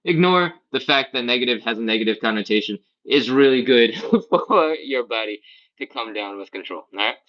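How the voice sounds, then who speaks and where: A man in the middle range of pitch, coaching a live stretching session in a loose, upbeat way and often checking in with "all right?" He calls out the exercise cues while doing the moves himself. The audio is dull and lo-fi. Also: lively intonation, moderate pace. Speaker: fitness instructor. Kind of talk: live-streamed stretching class.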